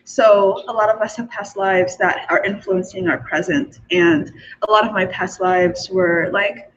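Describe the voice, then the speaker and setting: A woman's voice: mid-range voice, steady tone, measured pace. Giggly chatty young woman, dull recording. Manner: chatty, many fillers, frequent giggles. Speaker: forum host sharing spiritual beliefs. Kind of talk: casual monologue.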